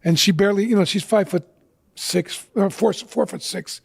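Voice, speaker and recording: A man's voice: high voice, normal speed, creaky, slightly rough. A middle-aged man telling a personal story as a guest on an interview show, earnestly acting out the lines of the people in it.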